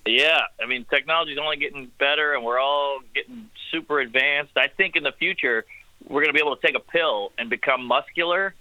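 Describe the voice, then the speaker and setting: A man, a stand-up comedian, talking as a guest on a podcast, wry and quick with jokes. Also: medium pitch, sharp tone, dull audio. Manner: quick, wry, self-promoting. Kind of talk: casual interview chat.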